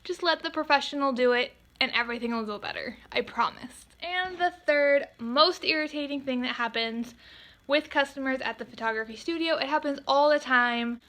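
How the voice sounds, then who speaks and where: A woman photographer telling a storytime vlog, animated and exasperated, quoting customers in quick voices. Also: high-pitched.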